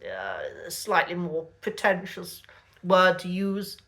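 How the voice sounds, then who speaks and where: A man giving a casual spoken lesson as host, unhurried and thinking aloud with frequent pauses and restarts. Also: high-pitched, big pitch swings, bright, forceful tone. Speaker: language teacher host.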